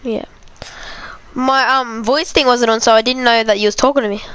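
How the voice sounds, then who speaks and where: A young man chatting casually over voice chat while playing an online game, with quick callouts. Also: very high voice, steady tone, fairly bright tone, clean tone, low-quality recording. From Australia. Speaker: gamer on voice chat.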